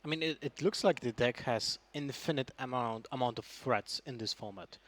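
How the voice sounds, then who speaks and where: A man's voice: medium pitch, moderate pace. A man co-casting an esports match, breaking the play down thoughtfully and often ending with a question tag. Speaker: esports co-caster. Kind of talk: live esports analysis. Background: music.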